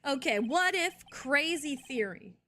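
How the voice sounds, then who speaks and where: A woman's voice: sits high, animated, unhurried, pushed and bright. Playful, chatty woman streamer. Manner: chatty, playful, speculating aloud. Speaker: game streamer. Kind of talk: let's-play commentary.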